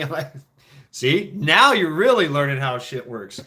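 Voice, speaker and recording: A man's voice: fairly high pitch, sing-song, a little slow, pushed and bright. A middle-aged man telling rambling, profane stories in a casual chat, with frequent restarts. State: foot injured, limping.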